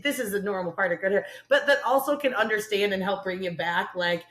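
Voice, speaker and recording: A woman's voice: mid-range voice, brisk, a bit bright, echoey room. A woman, co-hosting a casual chat show, emphatic and supportive, often giggling. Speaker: podcast co-host.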